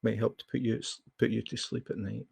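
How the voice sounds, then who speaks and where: Gravelly Scottish man telling a story. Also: lowish voice, little pitch movement, brisk, darkish tone, no echo. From Scotland. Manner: rambling anecdotal telling with fillers. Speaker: livestream host. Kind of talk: casual storytelling chat.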